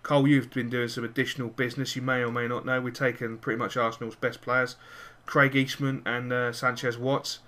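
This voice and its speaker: A man's voice: mid-range voice, fairly quick, few pauses. A man, host of a gaming channel, commentating live on a football video game and cheering and swearing at his players. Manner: excitable, cursing and cheering at the game.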